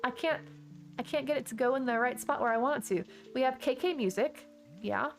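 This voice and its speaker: A bubbly woman streamer with a fairly high voice, chatting casually to her viewers from home as she plays. She often gasps and exclaims, and faint game music plays softly behind her. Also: brisk. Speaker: live streamer. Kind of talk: casual gaming stream chat.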